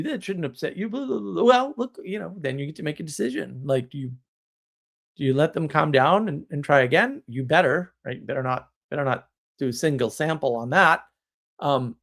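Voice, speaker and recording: A man hosting a live stream, talking in a casual monologue that rambles with restarts and chuckles, blunt and wry. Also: fairly high pitch.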